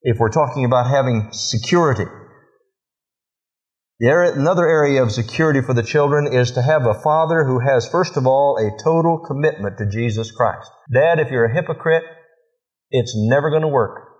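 A man's voice: mid-range voice, normal speed. A middle-aged man preaching a sermon as pastor, telling family stories in a folksy way and acting out what he said to his children. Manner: folksy storytelling, acts out dialogue with his children. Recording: muffled lo-fi recording.

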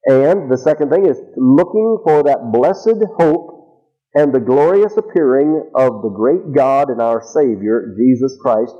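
A man with a fairly high voice preaches to his congregation. He reads the verses slowly and with emphasis, then explains them. The sound is muffled and lo-fi, like an old radio broadcast. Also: warm tone. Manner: slow emphatic scripture reading. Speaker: pastor. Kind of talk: sermon.

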